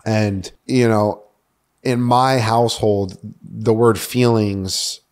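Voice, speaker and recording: A man's voice: on the low side, fairly even intonation, slow pace, a little mellow. A man in his thirties from New York City, a podcast guest telling his personal story frankly in casual talk, swearing freely and filling with "uh" and "like". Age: 30s. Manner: candid, swears freely, many fillers like "uh" and "like".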